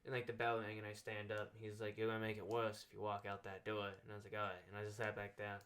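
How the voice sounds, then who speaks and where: A man's voice: lowish voice, monotone, quick pace, fairly bright tone. Young man rambling through a story. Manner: rambling anecdote full of "like" fillers, acting out quoted dialogue. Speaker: podcast host. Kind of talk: casual storytelling chat.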